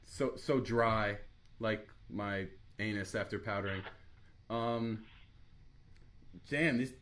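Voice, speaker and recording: A young man hosting a live webcast interview, talking in quick, crude, mocking banter. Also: on the low side, a bit bright. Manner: joking, rapid, crude and mocking.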